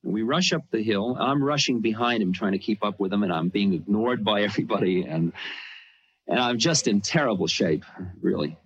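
A man's voice: lowish voice, normal speed, husky. A man telling a personal story in a rambling, conversational way, often saying "you know". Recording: dull lo-fi recording.

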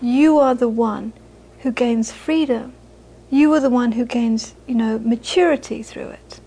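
A woman's voice: fairly high pitch, unhurried, dark tone, husky, poor audio. A woman Buddhist teacher giving an informal, conversational dharma talk to an audience, repeating phrases for emphasis and often laughing.

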